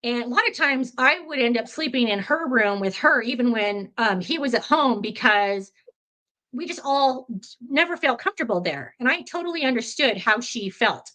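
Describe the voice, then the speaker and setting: A woman guest telling a ghost story in an interview, animated and chatty, with many fillers. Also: a little high, moderate pace.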